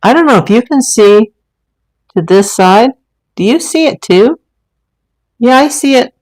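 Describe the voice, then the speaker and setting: A woman's voice: on the high side, expressive, measured pace, darkish tone, low-quality recording. A woman hosting a casual livestream from a room at home, talking in a rambling, chatty way with many fillers. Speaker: livestream host. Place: home room with a green screen and ring light.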